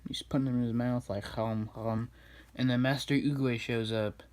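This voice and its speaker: A man casually recapping an animated film while he draws, rambling and correcting himself as he goes. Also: medium pitch, fairly quick. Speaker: drawing video maker.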